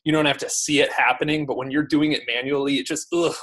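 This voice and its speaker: A man as a podcast guest in a casual conversation, talking in an animated way with lots of "like" fillers. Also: a little high, fast.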